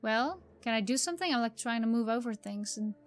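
A woman's voice: fairly high pitch, animated, a little fast. Woman reading game dialogue aloud. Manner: reads dialogue with light reactions and asides. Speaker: game streamer.

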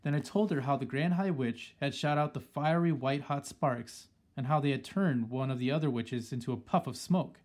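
A man reading a children's story aloud in a steady, plain storytelling manner. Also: mid-range voice, normal speed, hardly any pauses. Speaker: audiobook reader. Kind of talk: storybook narration.

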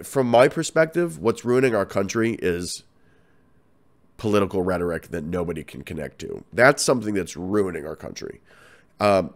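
Deep-voiced man ranting with a cold. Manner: rambling, profane, animated. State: has a cold. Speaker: podcast host and comedian. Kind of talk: casual ranting commentary.

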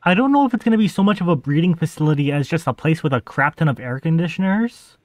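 A man with a slightly high-pitched voice chats through his own gameplay in a loose, let's-play manner. He talks straight to his viewers and grumbles when the game goes wrong. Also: expressive, quick pace, no echo. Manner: chatty, easily exasperated, talks to the audience while playing. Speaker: gaming channel host. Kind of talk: casual let's-play commentary.

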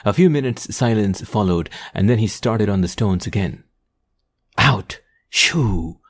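A man narrating an adventure audiobook in a measured, descriptive storytelling manner. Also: fairly low pitch, warm tone. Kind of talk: scripted narration.

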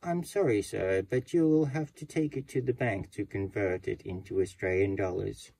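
A man voicing a polite, formal male hotel concierge who speaks in measured, courteous phrases. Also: fairly low pitch, gravelly, mellow, breathy edge, distant mic.

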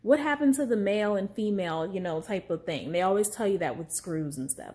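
A woman chatting casually in a vlog, expressive and excitable, with emphatic warnings, in her apartment. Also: mid-range voice, brisk. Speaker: vlogger. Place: apartment room at night. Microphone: phone on ring light mount.

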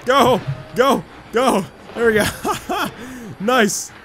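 Excitable young man with a lively, high voice. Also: very slow, slight background noise. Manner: jokey and excitable, shouting when chased. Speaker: gameplay commentator. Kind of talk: casual let's-play commentary. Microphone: close desk mic.

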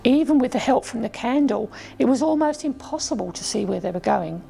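A woman reading her own children's story aloud as a storyteller, gently voicing the children's lines. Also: on the high side, expressive, a little fast, vocal fry. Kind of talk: storybook narration.

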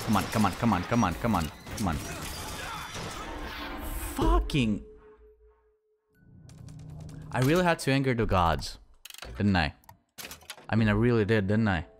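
Excitable swearing man playing a game. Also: on the low side, normal speed, long pauses, music in the background. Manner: excitable, swearing, yelling at enemies. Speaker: gaming channel host. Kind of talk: let's play commentary.

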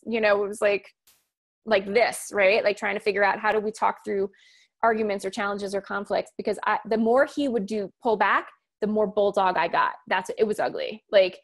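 A woman's voice: medium pitch, normal speed. A woman in her thirties, a communication coach, talking emphatically and animatedly in an interview. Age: 30s. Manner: emphatic, animated storytelling with acted-out quotes. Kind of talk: interview conversation.

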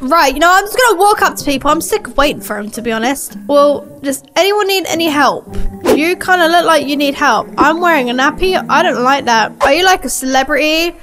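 A woman's voice: high voice, animated, fairly quick, over music. A young woman giving casual gameplay commentary, chatty and rambling with a sarcastic streak. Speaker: gaming YouTuber.

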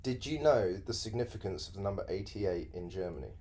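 A man's voice: deep voice, lively intonation, fairly quick, darkish tone. A man hosting a podcast, chatting casually and cracking dry jokes with a co-host. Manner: dry joking, laid-back banter. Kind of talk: casual chat.

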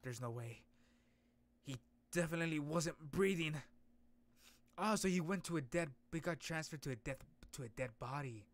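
Hyped guy reading a webtoon on stream, kinda high voice, lots of gasps. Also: moderate pace, pauses often. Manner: excitable, gasps and exclamations. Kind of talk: casual comic readthrough with reactions.

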